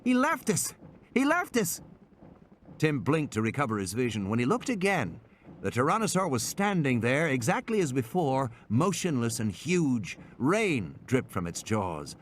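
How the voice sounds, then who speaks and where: A male audiobook narrator reading tense scripted prose with dramatic emphasis. His middle-pitched voice rises and falls in wide, lively swings. A faint ambient hiss sits underneath. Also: moderate pace.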